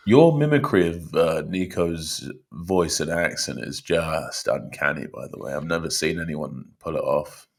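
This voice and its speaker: Brief: male co-host, very low voice that swings widely, dry mocking humour. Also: animated, measured pace, creaky, few pauses. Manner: dry, teasing banter. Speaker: podcast co-host. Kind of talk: casual podcast chat.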